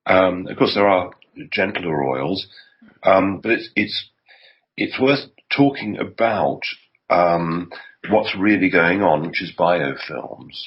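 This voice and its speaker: A deep-voiced health consultant with a husky, breathy edge speaks animatedly as a radio guest, giving long explanations full of ums, pauses, and restarted sentences. His line sounds dull and lo-fi, as if remote.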